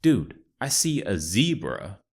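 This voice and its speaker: A man putting on an American accent to voice Chad, an excitable, laid-back young American guy who calls everyone dude and bro. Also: fairly low pitch, slow pace, slightly rough, exaggerated voice. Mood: excited. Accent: put-on American.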